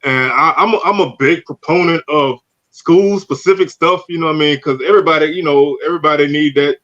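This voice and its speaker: A man hosts a casual online show. He sounds easygoing and keeps dropping "man" and "you know" into his talk. His voice sits a little high, and the recording is dull and lo-fi. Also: fairly quick, fairly bright tone. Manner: laid-back, many fillers like "man". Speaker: host. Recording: dull lo-fi audio.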